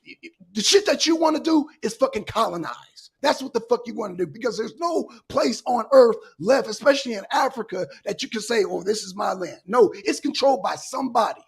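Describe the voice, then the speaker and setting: A man's voice: very high voice, animated, a little fast, creaky, few pauses, breathy edge. A man hosting a panel debate, profane and angry, talking over his guest. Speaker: show host.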